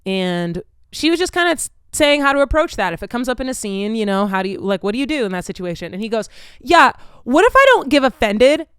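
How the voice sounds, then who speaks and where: A woman's voice: mid-range voice, expressive, quick pace, hardly any pauses, clean tone, no room sound, clean studio sound. A young woman, telling stories in a casual vlog chat, candid and swearing freely, with lots of filler "like". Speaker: vlogger.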